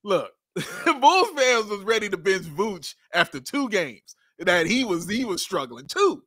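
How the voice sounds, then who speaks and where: A man co-hosting a casual sports podcast, excitable, laughing often and repeating himself as he talks. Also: high-pitched, a little slow, dry recording, studio quality. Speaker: podcast co-host.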